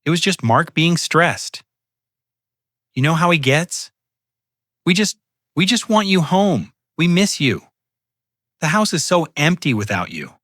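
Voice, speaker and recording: A man voicing a pleading adult daughter who puts on a breathy, fake-sweet tone in a storybook narration. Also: a little high, big pitch swings, a little slow, pauses often, a bit bright, no echo, studio quality, pitched above the performer's own voice. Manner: breathy, wheedling.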